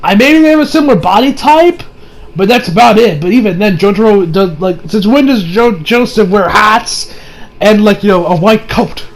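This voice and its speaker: A man's voice: high voice, lively intonation, moderate pace, low-quality recording. A man casually recapping and commenting on an anime episode, rambling with fillers and incredulous asides. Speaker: anime reviewer.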